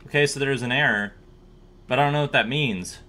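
A man's voice: mid-range voice, brisk, pushed and bright. A young man, almost twenty, talking casually while playing a game, repeating license plates aloud and reacting nervously. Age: young adult. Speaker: gaming YouTuber. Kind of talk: live game commentary.

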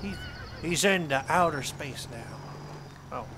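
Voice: mid-range voice, lively intonation, measured pace. A gameplay host giving playful let's-play commentary, goofing around and role-playing the game's farmer with mock drama. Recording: noisy home recording.

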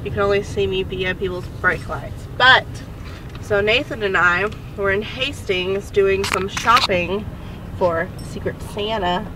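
A young woman from the South with a Southern US accent, chatting to camera in a casual daily vlog and telling stories in an animated way. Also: mid-range voice, unhurried, background noise. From Southern United States. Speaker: vlogger.

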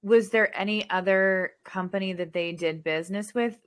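A woman co-hosting a podcast, chiming in with curious questions and quick interjections. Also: mid-range voice. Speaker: podcast co-host. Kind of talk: casual chat, asking questions.

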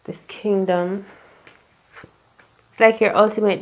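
A woman's voice: medium pitch, steady tone, a little slow, dark tone, a little hiss or hum. A woman giving a casual tarot reading in a rambling, chatty way, full of fillers and asides. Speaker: tarot reader.

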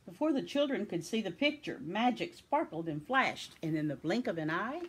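A woman from Tennessee reading a children's picture book aloud with expressive storytelling. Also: medium pitch, moderate pace, hardly any pauses, husky.

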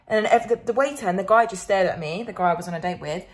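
A woman's voice: medium pitch, fast. A young woman from Finland with a Finnish accent, chatting casually in a vlog, swearing freely and laughing often. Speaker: vlogger.

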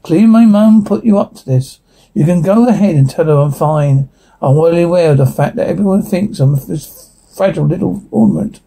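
A man's voice: on the high side, normal speed, creaky, warm tone, breathy edge, rough recording. A man reading the part of a sullen, guarded teenage girl who talks defensively. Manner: defensive, dismissive.

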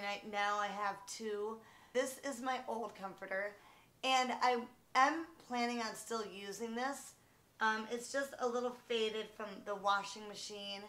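A woman films a casual home vlog from her bedroom, talking slowly and without hurry. She often pauses on "um" and restarts her sentences. Her voice rings in the room's noticeable echo. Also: fairly high pitch, bright, forceful tone. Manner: unhurried, with frequent ums and restarts. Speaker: vlogger.

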